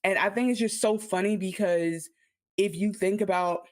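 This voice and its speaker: A woman's voice: mid-range voice, steady tone, normal speed. A woman co-hosting a podcast, chatting casually about a TV episode with rambling, self-interrupting asides. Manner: rambling, many restarts, giggly asides. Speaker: podcast co-host. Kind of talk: casual TV recap chat.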